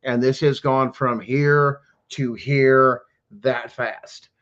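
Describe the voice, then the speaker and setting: Brisk man on a muffled stream. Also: mid-range voice, flat delivery, a bit bright. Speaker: livestream co-host. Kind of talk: casual livestream talk to viewers. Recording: muffled lo-fi sound.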